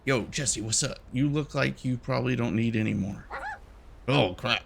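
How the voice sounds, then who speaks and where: A man's voice: medium pitch, lively intonation, unhurried, creaky, background noise. A young man giving casual, jokey and nervous commentary while playing a game, talking to its characters. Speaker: gaming YouTuber.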